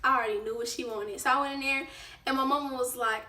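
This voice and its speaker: A woman vlogger telling a casual storytime, lively and acting out what people said. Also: high-pitched, fairly quick, far from the mic. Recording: roomy echo, away from the mic.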